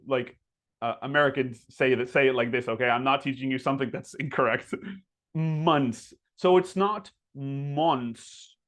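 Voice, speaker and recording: Man, native Spanish speaker, casual webinar teacher, filler-heavy chat, slow modeled words. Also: medium pitch, a bit bright. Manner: chatty, many fillers, slows down to model words. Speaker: pronunciation teacher.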